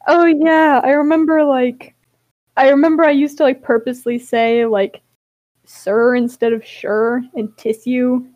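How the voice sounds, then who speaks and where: Giggly high-pitched woman hosting a podcast, dull muffled mic, dry room. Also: fairly even intonation, moderate pace, darkish tone, no echo. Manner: giggly, keeps steering back to the episode. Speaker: podcast host. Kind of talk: casual chat.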